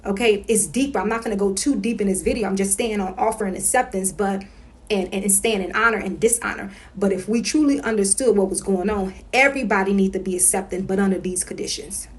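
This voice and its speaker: Emphatic woman vlogger, mid-pitched voice. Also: fairly quick. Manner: emphatic and repetitive, keeps checking in with "okay?". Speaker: consumer-rights vlogger. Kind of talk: casual instructional monologue.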